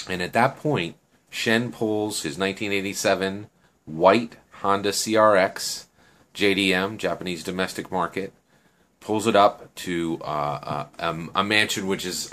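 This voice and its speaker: A man's voice: low-pitched, bright, forceful tone. A man telling a story casually, rambling with fillers and asking "right?" often.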